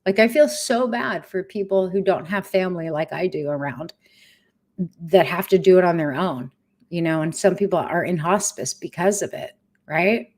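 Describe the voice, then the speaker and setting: A middle-aged woman talks straight to the camera from home in a slightly low voice. She is frank and emotional, drops the odd curse word, and keeps a candid, personal tone. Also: moderate pace, darkish tone. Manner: frank and emotional, with casual swearing. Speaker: vlogger sharing a cancer journey.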